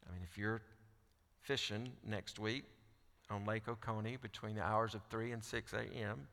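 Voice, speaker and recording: A man's voice: on the low side, sharp tone. Man preaching in a reverberant church. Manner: reads scripture aloud, then presses questions with rising intensity. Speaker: pastor. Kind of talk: sermon. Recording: long hall reverb.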